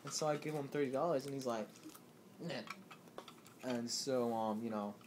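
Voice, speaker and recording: A man telling a rambling, made-up absurd story, hesitant and full of ums and "you know", mostly low-key and quiet, filmed at home on a handheld camera. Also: fast talker. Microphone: handheld camera held by a friend. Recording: noisy home video with clattering dishes.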